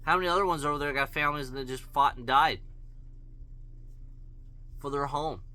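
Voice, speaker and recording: High, sharp-voiced man ranting. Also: fairly quick. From Canada. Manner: angry, blunt, profane ranting. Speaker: vlogger. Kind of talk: solo rant to camera.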